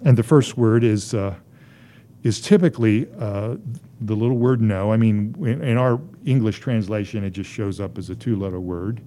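A man's voice: on the low side, normal speed, mellow, a little hiss or hum. A man preaching a sermon as a pastor, driving his points home through emphatic, rising repetition.

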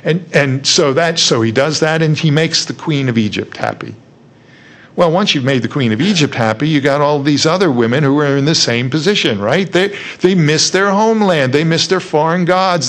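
A male preacher giving a conversational sermon, retelling a story and asking rhetorical questions. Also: fairly high pitch.

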